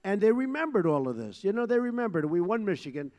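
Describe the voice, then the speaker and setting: Older male candidate, high-pitched, punchy and boastful rally oratory, heard in a big reverberant hall. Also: sing-song, fast talker, darkish tone. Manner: emphatic, repetitive, boastful crowd oratory. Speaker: political candidate addressing a rally. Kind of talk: rally speech. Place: large rally venue.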